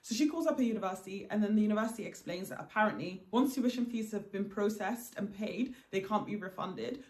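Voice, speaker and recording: A woman vlogger telling a dramatic first-person story in an animated, emphatic way, often repeating words for effect. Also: medium pitch, quick pace.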